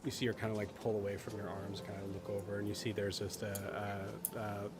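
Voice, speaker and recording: A man's voice: fairly low pitch, monotone, fairly quick, darkish tone, slight background noise. A man narrating as game master, hesitant and full of fillers.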